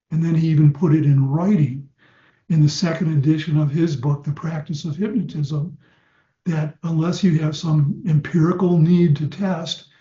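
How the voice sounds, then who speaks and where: An older man teaching clinical hypnosis in a conversational lecture style, telling stories and slowing down to demonstrate gentle hypnotic suggestions. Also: a little high. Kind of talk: lecture to trainees. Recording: dull, roomy lecture-hall sound.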